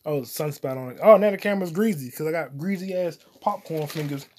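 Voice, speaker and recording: A man's voice: fast talker, a little hiss or hum. Profane rambling man hosting a podcast. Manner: profane, loud swings in volume and pitch; eating popcorn while talking. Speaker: podcast host. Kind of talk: rambling solo comedy podcast.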